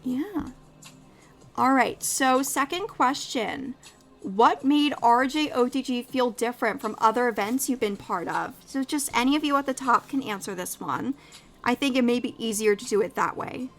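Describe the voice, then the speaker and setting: A young woman hosting a casual live podcast, effusive and quick to laugh as she asks her guests questions. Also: a little high, animated, soft background music. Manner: warm, effusive, laughs often. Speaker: podcast host.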